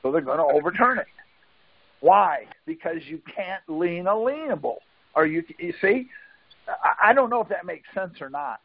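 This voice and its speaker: A man talks through a conference call in a folksy, casual way, checking in with "see?" as he explains. His voice sits high for a man, and the room sounds very dry. The audio is dull and muffled. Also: expressive, normal speed, creaky, breathy edge, no echo. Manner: folksy, keeps asking "see?".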